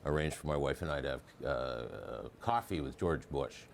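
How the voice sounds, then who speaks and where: A historian appears as a guest in a news interview, telling anecdotes in a loose, chatty manner full of fillers and frequent chuckles. His voice rumbles low and creaky, expressive, at a moderate pace, with slight background noise.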